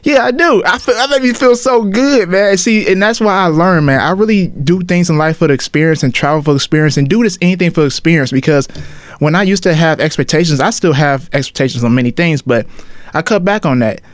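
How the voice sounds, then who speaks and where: A man's voice: on the high side, a little fast, no room sound. A man in his twenties talking casually on his solo podcast, loose and slangy, often calling out to listeners as y'all. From Ohio. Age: 20s. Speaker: podcast host.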